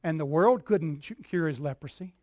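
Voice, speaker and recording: A man preaching a sermon as pastor, building in repeated phrases and swinging from soft, low lines to loud cries. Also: normal speed, no room sound, studio quality. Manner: preaching with call-and-response rhythm, dropping soft then shouting.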